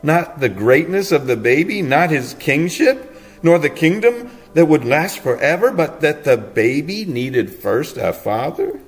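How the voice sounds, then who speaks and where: Slow, tender male storyteller. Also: on the high side, sing-song. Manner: tender, playful storytelling with soft chuckles. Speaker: audiobook reader. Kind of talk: storybook narration.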